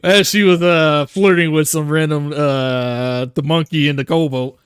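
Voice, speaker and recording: A man's voice: on the high side, steady tone, measured pace, clear, resonant tone, dry recording, studio quality. A man playing a tabletop game live, narrating in a rambling way full of fillers.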